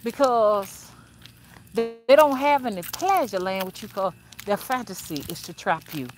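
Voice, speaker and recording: Her voice medium-pitched with lively intonation, an older woman speaks a little slowly as she gives her viewers casual, frank spiritual advice on a livestream, preachy and full of fillers and restarts.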